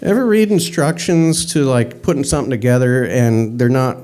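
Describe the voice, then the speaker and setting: A man doing deadpan one-liner stand-up at an open mic, halting and rambling between jokes. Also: mid-range voice. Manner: halting, rambling delivery with fillers. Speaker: stand-up comic.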